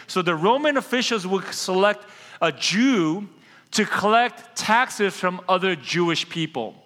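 Male pastor, high and bright, conversational sermon with a long church-hall echo. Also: lively intonation, unhurried. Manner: casual, conversational preaching that addresses the congregation directly.

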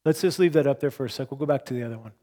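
A man in his forties preaching a sermon as a pastor. He speaks conversationally, repeats and restarts words, and swings between loud emphasis and hushed softness. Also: mid-range voice, very fast.

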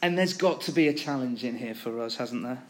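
A man preaching a sermon, retelling a story with animated, acted-out quotes. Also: mid-range voice, brisk, a little hiss or hum.

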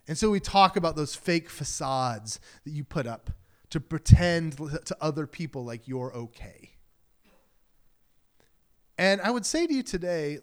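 A man's voice: on the high side, fairly bright tone, clean tone. A man preaching a sermon as pastor, talking in a loose conversational way and acting out quoted voices.

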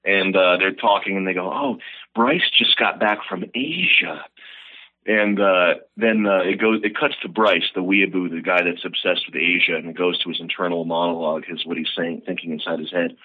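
A man's voice: sits low, little pitch movement, a little fast, hardly any pauses, narrow, tinny audio. A man guesting on a podcast, recounting a comedy idea in loose, swearing, casual talk. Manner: loose storytelling, swears and laughs easily. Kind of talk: casual chat.

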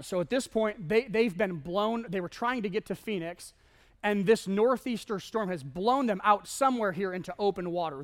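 A male pastor preaching to his congregation, telling a story with animated asides. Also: high voice. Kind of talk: sermon. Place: church in front of a congregation.

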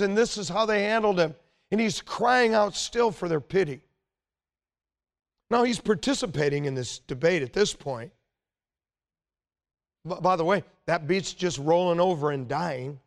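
A middle-aged man preaching a sermon in a conversational, emphatic way, growing more intense as he speaks. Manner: conversational, emphatic, rises in pitch when stirred.

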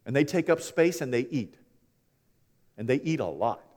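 A man preaching a sermon, telling folksy stories and swinging between hushed and loud, animated delivery. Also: mid-range voice, normal speed. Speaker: pastor. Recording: long hall reverb.

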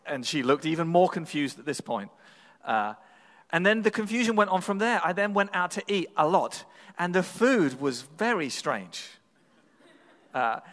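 A pastor preaching a sermon in a church, telling stories in a relaxed, humorous, conversational way. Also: male voice, high voice. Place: church sanctuary. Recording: long reverb in a large hall.

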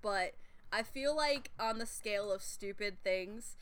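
A woman's voice: medium pitch, a little slow, fairly bright tone, clear, resonant tone. A young woman co-hosting a podcast in casual chat, giggly and teasing. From United States. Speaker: podcast co-host.

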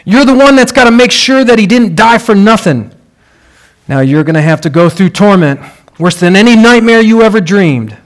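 A preacher quoting a grave old boxing trainer. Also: male voice, sits high, expressive, moderate pace. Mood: solemn. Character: older male boxing trainer, grave and fatherly.

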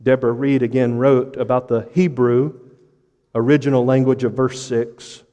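A man preaching a sermon with impassioned rhetorical questions, pausing for effect and dropping to a hush. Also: medium pitch, little pitch movement, in a large hall. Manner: impassioned preaching with dramatic pauses and sudden drops to a hush. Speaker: pastor.

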